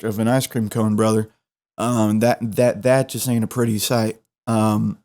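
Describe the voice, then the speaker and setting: A young man from the Midwest with a faint Southern twang, hosting a podcast in a loose, joking, rambling style full of restarts. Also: medium pitch. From American Midwest. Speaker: podcast host. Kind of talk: casual solo podcast chat.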